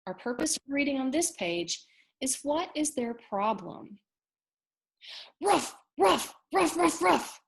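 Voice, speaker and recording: A woman teacher reads a story aloud to young children. Her pitch sits in the middle and swings widely, and she keeps pausing to ask expressive questions. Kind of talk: read-aloud reading lesson.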